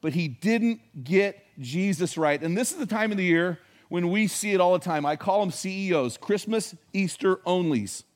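A pastor preaching a sermon in a conversational, folksy storytelling way, hitting key words with emphasis. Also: male voice, high voice, lively intonation, normal speed, hardly any pauses.

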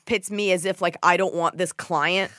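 A woman hosting a podcast, telling stories in a casual comedic chat, swearing and mimicking people in a shrill voice. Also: normal speed, dry recording, studio quality. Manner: animated storytelling, swears freely, mimics others in a shrill voice. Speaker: podcast host.

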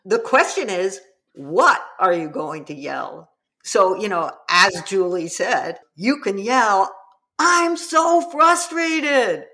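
A woman, a parenting book author, speaking as an interview guest and acting out quotes of parents and children with lively energy. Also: on the low side, takes it slowly. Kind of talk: conversational interview.

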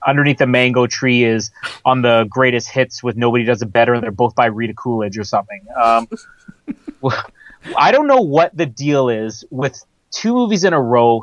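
A man's voice: medium pitch, lively intonation, normal speed, no echo, dull audio. A man hosting a casual film podcast, rambling and chatty with fillers and laughs. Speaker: podcast host.

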